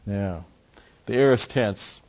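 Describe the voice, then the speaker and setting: A man's voice: on the low side, slow, darkish tone. A man preaching a methodical Bible teaching, explaining Greek words and repeating key terms. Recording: dull lo-fi recording.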